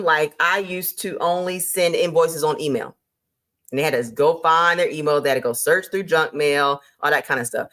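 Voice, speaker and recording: A woman hosting a motivational talk on business, lively and emphatic, laying out her points like a teacher. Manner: lively and emphatic, with sudden jumps in pitch; teacherly, lays out numbered points. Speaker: host.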